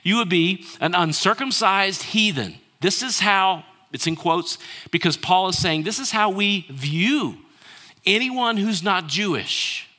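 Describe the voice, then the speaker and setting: Bright-voiced man preaching to a congregation. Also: high-pitched, animated, a little slow. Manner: calls on the congregation to answer and repeat lines; rhetorical questions, shifts between hushed and raised delivery. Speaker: pastor. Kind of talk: sermon.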